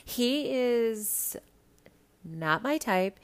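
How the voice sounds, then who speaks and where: A woman from the American Midwest hosting a podcast, chatting casually about pop culture with lots of swearing and sudden loud rants. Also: low-pitched, moderate pace. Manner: profane, animated, swings to loud rants. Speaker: podcast host.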